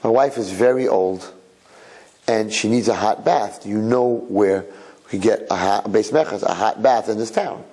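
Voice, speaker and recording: A rabbi voicing a wealthy old man in a story, speaking calmly and kindly. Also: on the low side, normal speed, close to an everyday voice, low-quality recording.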